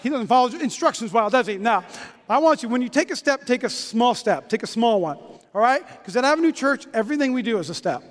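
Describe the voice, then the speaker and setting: A man preaching a lively sermon, joking with volunteers onstage in quick bursts. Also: extremely high pitch. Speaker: pastor. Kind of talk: lively sermon with stage demonstration. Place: church auditorium. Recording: long reverb of a church hall.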